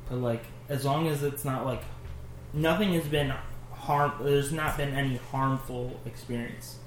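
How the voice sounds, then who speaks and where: A man's voice: medium pitch, fairly even intonation, a little slow. A man chatting casually on a podcast in a loose, profane way. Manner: loose and profane, laid-back. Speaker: podcast co-host. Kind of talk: casual chat. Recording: echoey room with faint ambient noise.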